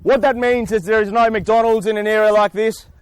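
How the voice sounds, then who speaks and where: A man, an auctioneer, speaking outdoors in front of a house with booming salesman patter and long theatrical pauses. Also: level tone, clean tone, no echo. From Australia. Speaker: real estate auctioneer.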